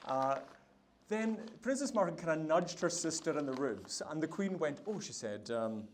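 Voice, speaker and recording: There's slight background noise as this Hebridean-accented baker, from Scotland's Isle of Lewis, cooks on a food festival hall's demo stage, chatting and laughing through a yarn. His voice is on the high side, with lively intonation at a normal speed.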